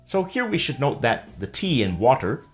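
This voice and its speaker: A man narrating a scripted language lesson, explaining clearly and stretching example words out slowly. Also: mid-range voice, sing-song, soft background music. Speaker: language teacher.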